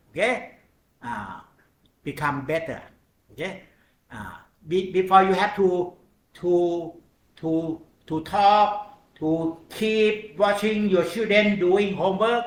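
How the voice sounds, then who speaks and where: Slow, halting man teaching meditation in an echoey room. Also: fairly high pitch, fairly bright tone. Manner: slow, halting non-native English in short phrases with pauses. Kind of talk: dharma talk on mindfulness.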